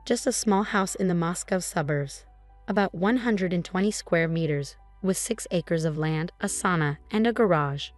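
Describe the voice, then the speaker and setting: A woman's voice: lowish voice, moderate pace, faint music behind, natural voice. Woman reading as a pushy scheming mother-in-law. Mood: sweetly pushy. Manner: sweetly insistent, dismissive.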